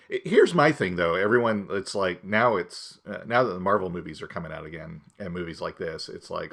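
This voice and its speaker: A man's voice: deep voice, a little fast, gravelly, few pauses, fairly bright tone. A man co-hosting a podcast, chatting casually and ranting in an exasperated way, often acting out mock quotes. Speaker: podcast co-host. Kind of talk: casual chat.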